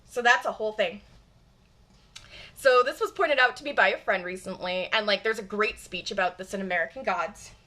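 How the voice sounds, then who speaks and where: Her pitch is medium and her pace brisk, with a bright, forceful tone and a general Michigan accent. This Michigan streamer talks casually with viewers in a blunt, emphatic way and doesn't hold back on swearing.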